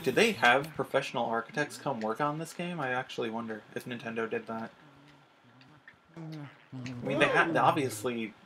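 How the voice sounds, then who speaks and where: A man talks casually over his own gameplay in a medium-pitched voice. His commentary is relaxed and loose, with bursts of enthusiasm about what he's seeing. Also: rough recording. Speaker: let's play commentator.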